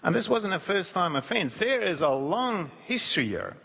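A man preaching a sermon who acts out quoted voices, shifting his pitch and pace. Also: very animated, moderate pace, gravelly, bright, forceful tone, breathy edge. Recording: long hall reverb.

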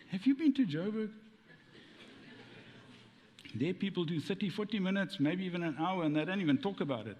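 A man preaching a conversational sermon, full of rhetorical questions and playful asides. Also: fairly high pitch. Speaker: pastor. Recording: long hall reverb.

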